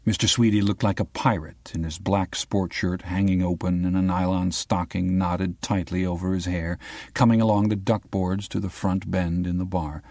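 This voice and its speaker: A male audiobook narrator reads scripted narration in a deep, darkish voice, recorded at studio quality with no room sound.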